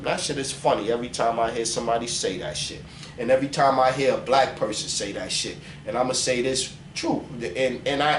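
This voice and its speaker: A man preaches straight to the camera, animated and profane. He slows right down to read scripture aloud. The room rings with a roomy echo over a faint hum of ambience. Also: mid-range voice. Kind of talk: casual religious vlog monologue.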